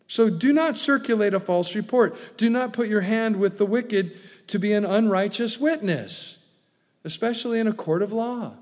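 A man's voice: sits high, moderate pace, darkish tone. A man preaching a folksy sermon, telling stories and growing emphatic as he makes his points. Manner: folksy storytelling, grows emphatic. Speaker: pastor. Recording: long hall reverb.

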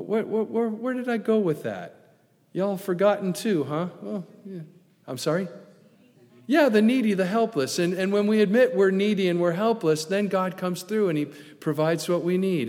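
Folksy pastor preaching in a reverberant hall. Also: male voice, on the high side, darkish tone. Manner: folksy, conversational preaching with asides. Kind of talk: sermon.

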